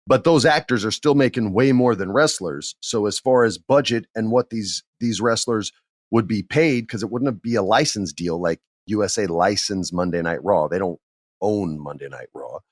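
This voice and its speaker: A middle-aged man hosting a podcast, telling a work story in a candid, animated way and acting out what others said. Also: on the low side, moderate pace, dry recording, studio quality. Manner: candid, animated, acts out quotes in others' voices. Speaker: podcast host. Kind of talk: casual storytelling monologue.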